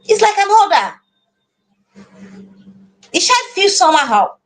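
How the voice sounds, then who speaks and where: High, lively Nigerian woman teaching. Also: slow pace. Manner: earnest, repeats words while finding phrasing. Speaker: parenting class teacher. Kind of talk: live online class.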